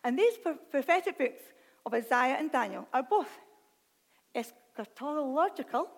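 A woman preaching a sermon, reading scripture aloud with animated, self-deprecating asides. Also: sits high. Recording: long hall reverb.

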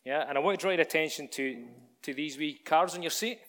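A man's voice: fairly high pitch, brisk, a bit bright. A man preaching to a church congregation, giving announcements and starting a sermon in a chatty, direct way. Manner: conversational, addresses the congregation directly.

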